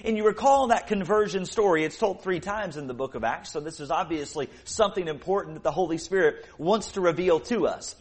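A man with a fairly high voice delivers a sermon from the pulpit. His preaching is earnest, and he slows down and leans into each key phrase of scripture as he reads.

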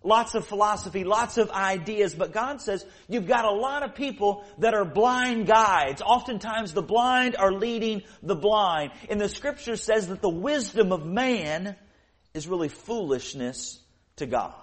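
A man preaching a sermon, reading scripture aloud and slowing down to stress key phrases. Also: sits high, lively intonation. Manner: earnest preaching, slows and swells to stress scripture.

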